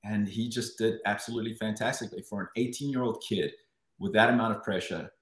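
A fairly low-voiced man from South Africa recalls his swimming days in a lively, storytelling way. He often restarts his sentences and acts out what went through his head. The room around him sounds roomy and echoey. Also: fast. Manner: animated, with frequent restarts and acted-out inner voices. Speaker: guest, former Olympic swimmer. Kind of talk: casual interview storytelling.

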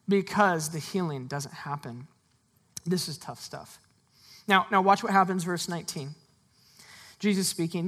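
A pastor delivers a sermon in an easy, conversational style, laughing frequently and briefly acting out the voices of people in the scripture passage. His voice is mid-range, a bit slow, with frequent pauses.

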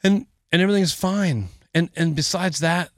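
A man's voice: sits high, normal speed, no room sound, clean studio sound. A man co-hosting a podcast, telling a long story in casual chat, emotional and rambling, with frequent laughs. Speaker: podcast co-host.

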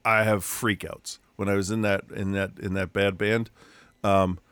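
Chatting casually from his room at home, a middle-aged podcast co-host tells rambling stories riddled with restarts and frequent laughs. His voice is on the low side, flat, slightly bright and clean, at a moderate pace with no room sound.

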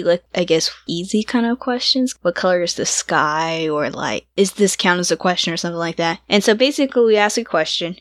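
A woman's voice: on the low side, dry recording, clean studio sound. A woman co-hosting a podcast, chatting casually about games and shows, laughing often and using lots of fillers. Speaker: podcast co-host. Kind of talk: casual chat.

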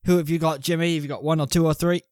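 A man's voice: on the high side, fairly even intonation, racing, a little mellow, no echo, clean studio sound. A man co-hosting a casual film review podcast, bantering crudely with rambling asides. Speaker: podcast co-host.

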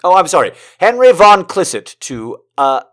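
A man's voice: high voice, sing-song, moderate pace, fairly bright tone. A man reading old letters aloud, then breaking off into chatty, wry, self-deprecating asides. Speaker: reader of historical letters. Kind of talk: casual read-aloud with joking asides.

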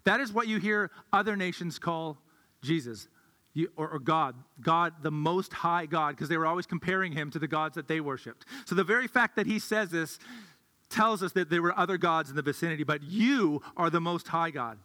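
A man's voice: fairly high pitch, moderate pace, pushed and bright. A male pastor giving a sermon in a conversational way, thinking aloud with restarts, heard in an echoey hall.

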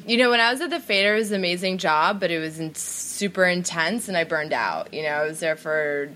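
A young woman from New York, chatting as a guest in an interview and telling stories in a casual way, sometimes dropping to a quiet voice. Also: on the low side, animated, brisk, slight background noise.

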